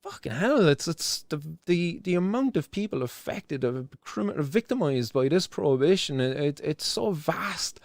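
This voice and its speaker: An Irish man delivers fervent spoken commentary as a live show host, his voice sitting a little high for a man. He talks emotionally, swears freely and doubles back on his words as he pushes his point. The recording is dry, with no room echo. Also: lively intonation, normal speed, hardly any pauses, darkish tone.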